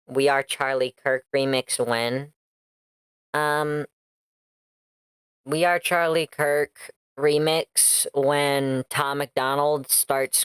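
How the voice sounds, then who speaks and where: A woman's voice: extremely low pitch, clean tone, dry recording. A woman streaming reaction commentary, blunt and sarcastic, swearing freely.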